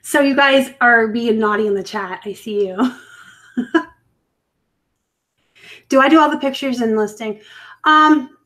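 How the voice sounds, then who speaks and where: A woman from the West Coast chats through a casual live stream with a slightly high voice. She rambles from one thought to the next, and her phrases often lift upward at the end. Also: measured pace, long pauses, fairly bright tone. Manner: chatty and rambling, upspeak at times. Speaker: live show host and reseller.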